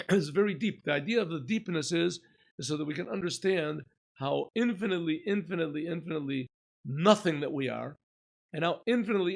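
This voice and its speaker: A man, a rabbi, giving an informal Torah lesson, asking and answering his own questions and often clearing his throat. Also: a little high. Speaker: rabbi teaching a class.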